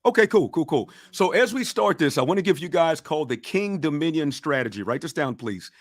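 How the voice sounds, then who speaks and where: A man's voice: on the high side, lively intonation, fairly quick, no room sound, studio quality. A man with a Southern accent, coaching a livestream audience in a fired-up, preacher-like way and urging them to respond. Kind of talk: motivational teaching on a livestream.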